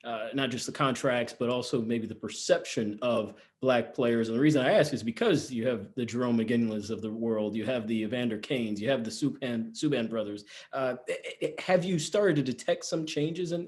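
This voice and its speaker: A man's voice: mid-range voice, normal speed, hardly any pauses, darkish tone. A man interviewing a former athlete, asking long questions with some hesitation. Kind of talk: sports interview.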